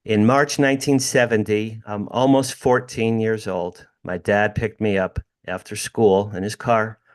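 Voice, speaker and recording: A man's voice: on the low side, unhurried. A man in his sixties from New Jersey, a podcast guest telling an emphatic story from his home over a video call. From New Jersey, USA. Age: 60s. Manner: animated, emphatic storyteller who addresses the host by name. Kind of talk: storytelling in an interview. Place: home room with drums.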